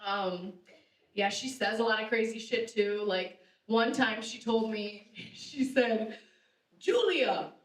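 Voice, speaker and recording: A young woman performing a lively stand-up comedy set in a theater, laughing at her own jokes and shouting the punchlines. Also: medium pitch, slow. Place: live theater stage. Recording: roomy theater sound, distant mic.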